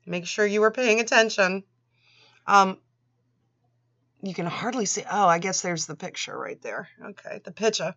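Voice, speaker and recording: This woman's voice is fairly low and a bit bright, captured in a dull lo-fi recording. As a channel host, she reads a children's storybook out loud to ridicule it, adding sarcastic remarks, swearing, and frequent laughter.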